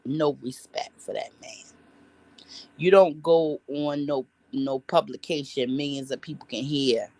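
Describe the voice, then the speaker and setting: A woman's voice: low-pitched, steady tone, measured pace, darkish tone. A woman vlogger telling a story in casual commentary, blunt and profane, rambling with restarts and asides. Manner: profane, blunt and heavy on slang.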